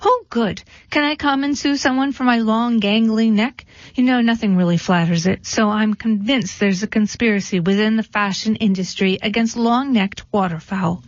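Excitable goose, folksy exclamations, high squawky voice, as a woman puts her on. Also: moderate pace, no echo, lightly acted. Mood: excited. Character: flighty long-necked goose, gossipy and excitable. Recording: dull dry lo-fi recording.

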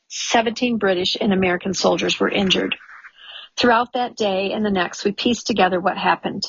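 Husky woman reading a memoir. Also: mid-range voice, dry recording. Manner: measured, wry storytelling. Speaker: audiobook narrator. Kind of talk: scripted first-person memoir narration. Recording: dull lo-fi studio recording, dry.

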